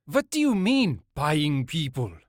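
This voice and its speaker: A man's voice: a little high, huge pitch swings, slow pace, dry recording, clean studio sound, pitched above the performer's own voice, heavily acted. A man voicing a wary middle-aged male tourist with a German accent, speaking stiffly and formally. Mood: bewildered.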